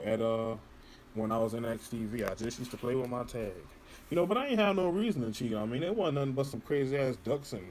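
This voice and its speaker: A man's voice: medium pitch, darkish tone, slight background noise. A man in casual interview chat, rambling and profane, filling his talk with "you know". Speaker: podcast guest.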